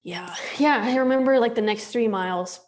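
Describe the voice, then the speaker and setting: A woman's voice: a little high, moderate pace. A woman guest on a podcast, telling a story casually with lots of laughter and filler words. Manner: animated, laughs often, many "like" fillers. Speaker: podcast guest, thru-hiker.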